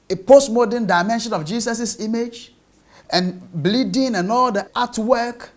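A man preaching a sermon in an emphatic way, checking in with his listeners through rhetorical questions. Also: very high-pitched.

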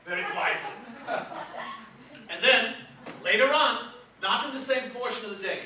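Male comic as a grandiose mock-mystical psychic, high-pitched, echoey, from afar. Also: normal speed, sharp tone, exaggerated voice. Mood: pompous. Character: pompous self-assured male psychic doctor. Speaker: comedian playing a fake psychic. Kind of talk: live stage comedy bit with volunteer. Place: stage before a live audience. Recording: echoey noisy room, mic far off.

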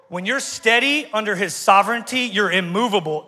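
Middle-aged man, pastor preaching, high bright voice, energetic conversational sermon, ringing hall reverb. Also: brisk, few pauses. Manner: energetic, conversational, self-interrupting. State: getting out of breath.

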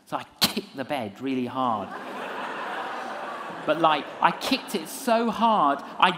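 A man's voice: on the high side, slow, noisy background. A man, a minister, telling a story in a lecture with self-mocking humor and acted-out voices. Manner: animated storyteller who acts out voices. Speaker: minister and evangelist.

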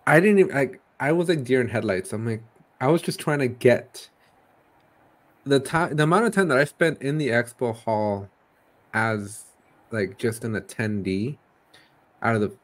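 A man hosting a casual interview, telling stories in a fast, excitable way. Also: medium pitch. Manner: fast, excitable storytelling with laughs. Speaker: host.

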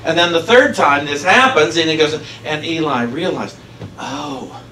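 A man's voice: on the high side, animated, normal speed, pushed and bright. A man giving a casual, conversational sermon, telling a story with frequent laughter. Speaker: minister. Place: church sanctuary. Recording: echoey hall, far from mic, noisy.

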